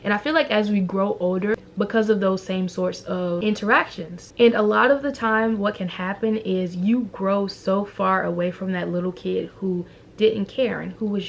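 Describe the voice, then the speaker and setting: A young woman vlogging in a casual, animated and opinionated way. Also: medium pitch, gravelly, slight background noise. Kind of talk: casual talking-head vlog.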